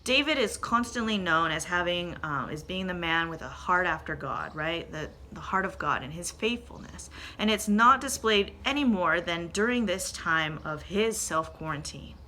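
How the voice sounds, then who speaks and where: A woman's voice: on the low side, expressive, normal speed, hardly any pauses, sharp tone, a little hiss or hum. A young woman giving an earnest, conversational church devotional, reading scripture and asking rhetorical questions.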